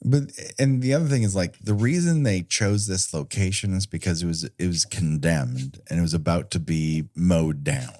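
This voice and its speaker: A podcast co-host on a comedy film show talks casually, swearing freely, tossing in sarcastic asides and riffing in silly put-on quotes. His voice sits low and mellow, at a moderate pace with hardly any pauses.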